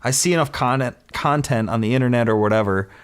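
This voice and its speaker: An American man on a podcast telling rambling, swear-filled stories with lively emphasis. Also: medium pitch, fast talker, clean tone. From United States. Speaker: podcast host. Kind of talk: casual podcast chat.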